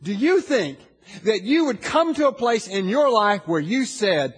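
A man's voice: high voice, big pitch swings, unhurried, slightly rough, in a large hall. A man preaching a sermon as pastor, talking conversationally to his congregation and building to emphatic declarations.

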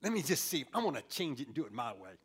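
A man preaching a sermon, swinging from loud exclamations to hushed whispers. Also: mid-range voice, very animated, rapid-fire, breathy edge.

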